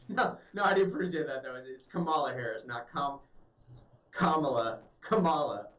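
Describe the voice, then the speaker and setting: A man's voice: a little high, expressive, fairly quick, fairly bright tone. A man co-hosting a talk radio show, mocking and sarcastic as he reacts to hearing clips. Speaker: radio co-host. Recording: roomy, distant mic.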